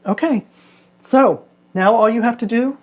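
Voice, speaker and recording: A man's voice: extremely high pitch, a little slow, no echo. A man in his forties chatting casually in a vlog, reviewing a hair product in a rambling, self-deprecating way. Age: 40s.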